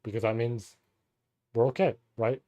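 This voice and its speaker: A man streaming a live read-through of a novel, reading passages and breaking off into casual, profane, excited reactions. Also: medium pitch, normal speed, no echo, lo-fi sound.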